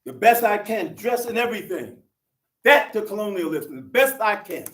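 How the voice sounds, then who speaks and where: An older man delivers a fiery, preacher-style speech to a conference crowd. His voice sits high for a man, and the room around him rings with echo. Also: big pitch swings, normal speed, fairly bright tone, far from the mic. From United States. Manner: fiery, preacherly, addresses crowd as sisters and brothers. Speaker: conference speaker, activist.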